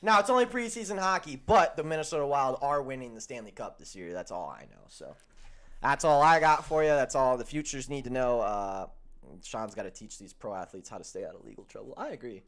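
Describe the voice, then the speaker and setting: A man's voice: medium pitch, lively intonation, fairly bright tone. A man hosting a sports betting show, chatting casually and joking, then running through stat lines. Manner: upbeat, jokey, reads stat lines quickly.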